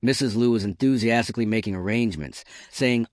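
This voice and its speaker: Lively male story narrator. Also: medium pitch, normal speed, dry recording, studio quality. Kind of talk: first-person story narration.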